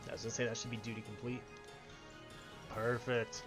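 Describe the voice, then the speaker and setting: A man's voice: medium pitch, level tone, rapid-fire. A man streaming a game, making casual, offhand and amused comments on what happens. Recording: dull lo-fi stream audio with game music.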